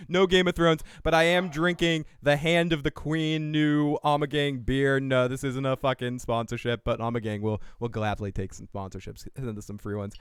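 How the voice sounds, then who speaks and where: A man hosting a casual recap chat, his voice a touch high and very clean. He laughs often and reads viewer comments aloud. The sound is dry and close. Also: smooth, no room sound. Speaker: podcast host.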